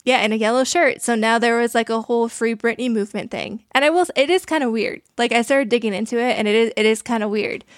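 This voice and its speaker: A woman's voice: a little high, fast, few pauses, no room sound, studio quality. A young woman co-hosting a podcast in casual chat, explaining things at length with plenty of "like". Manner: chatty, explains with lots of likes. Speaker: podcast co-host.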